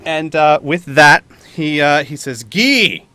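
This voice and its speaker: A man's voice: a little high, level tone, measured pace, pushed and bright, clear, resonant tone, no echo. Hesitant male game master. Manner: hesitant, lots of ums and uhs. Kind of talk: narrating a tabletop game.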